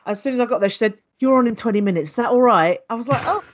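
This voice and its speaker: A woman co-hosting a podcast, telling a story in an animated, chatty way over a home mic on a call. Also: fairly high pitch, rapid-fire, highs cut off. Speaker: podcast co-host. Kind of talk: casual chat. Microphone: home mic on a video call.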